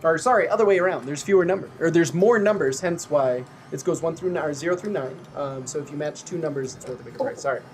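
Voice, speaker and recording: A man's voice: a little high, quick pace, hardly any pauses, slight background noise. A man narrating a tabletop game as game master, rambling and correcting himself as he goes.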